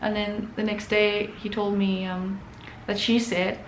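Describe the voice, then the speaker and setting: A woman's voice: medium pitch, measured pace, slight background noise. Woman telling a story in an echoey room. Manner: animated, acts out quotes. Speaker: artist and channel host. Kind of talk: casual storytelling vlog.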